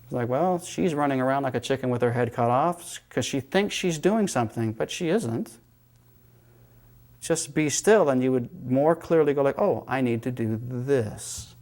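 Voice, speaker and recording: Calm, mid-pitched male yoga teacher, reflective lecture. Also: moderate pace. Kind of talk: spiritual lecture.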